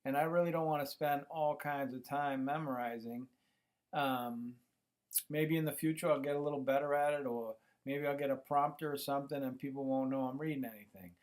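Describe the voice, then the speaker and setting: A man's voice: mid-range voice, fairly even intonation, fairly quick, a little mellow. A middle-aged man talking to camera on his own channel, rambling with many fillers and restarts, recorded on a computer microphone. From United States. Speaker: YouTube channel host. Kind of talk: casual monologue to camera.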